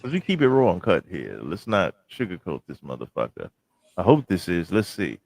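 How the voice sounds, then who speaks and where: A man's voice: sits low, very animated, normal speed, vocal fry, darkish tone. A man hosting a livestream, giving blunt, laughing commentary full of swearing. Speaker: livestream host. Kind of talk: casual profane commentary.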